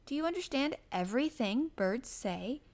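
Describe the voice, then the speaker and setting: A woman's voice: high-pitched, lively intonation, moderate pace, darkish tone, pitched above the performer's own voice. A woman doing an eager shy little girl. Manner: eager, earnest questions.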